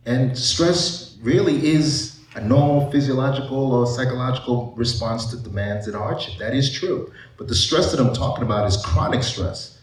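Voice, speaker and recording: A man's voice: medium pitch, normal speed, hardly any pauses, far from the mic. A man, a psychiatrist, giving a conversational panel presentation to a live audience, posing rhetorical questions. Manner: conversational, asks rhetorical questions, frequent "you know". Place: large echoey event room. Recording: echoey hall, voice off-mic.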